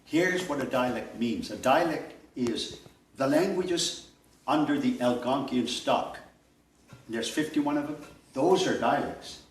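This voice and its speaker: A man's voice: medium pitch, unhurried. Older man lecturing in an echoey room. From Nova Scotia. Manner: digressive and anecdotal, with frequent fillers and chuckles. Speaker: language workshop instructor. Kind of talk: informal classroom lecture. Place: workshop room indoors. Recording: echoey room, distant mic, faint noise.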